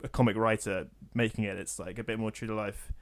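A man's voice: fairly low pitch, steady tone. Sardonic man hosting a podcast. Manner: sardonic, jokey, quick asides. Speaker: podcast host. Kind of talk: casual chat.

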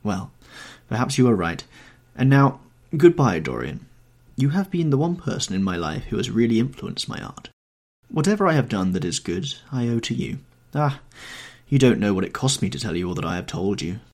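A man's voice: mid-range voice, sing-song, moderate pace, a little mellow. A man voicing an earnest, devoted middle-aged painter in a storybook reading, pleading and wistful. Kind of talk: audiobook character reading.

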